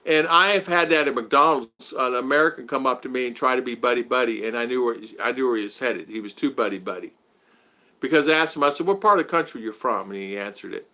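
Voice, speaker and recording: A man's voice: medium pitch, fast, sharp tone. A man chatting casually as a vlogger, telling anecdotes, acting out dialogue, and answering viewers' chat. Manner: storytelling, acts out dialogue; reads and answers live chat.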